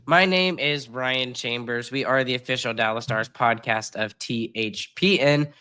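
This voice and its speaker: Sick-sounding bright-voiced man hosting. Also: medium pitch, unhurried, clean tone. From United States. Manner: rambling, filler-heavy, self-deprecating. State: sick, congested. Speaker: podcast host. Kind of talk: casual sports podcast chat.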